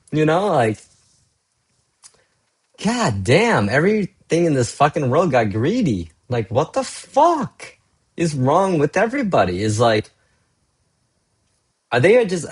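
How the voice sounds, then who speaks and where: Husky profane ranting man. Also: mid-range voice. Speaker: vlogger. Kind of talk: casual solo rant.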